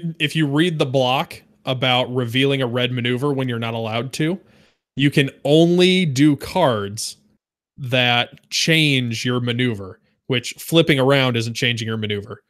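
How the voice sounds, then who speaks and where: A man co-hosting a casual podcast, calmly and firmly correcting the others on game rules. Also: mid-range voice, a little slow. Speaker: podcast co-host.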